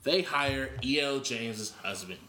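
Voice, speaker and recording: A man co-hosting a podcast in casual chat, animated, opinionated and profane. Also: mid-range voice, unhurried, reverberant, very noisy. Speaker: podcast co-host.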